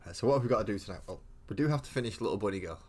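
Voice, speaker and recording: Low-voiced man rambling through a live stream. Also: animated, racing, darkish tone, breathy edge. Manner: rambling, thinks aloud with frequent restarts. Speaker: host of a live miniature-painting stream. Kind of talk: casual live-stream chat.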